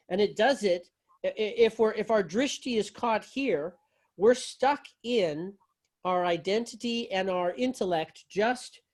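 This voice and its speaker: Teaching yoga philosophy to a class, a high-pitched man keeps it loose and conversational, with folksy turns of phrase and frequent restarts.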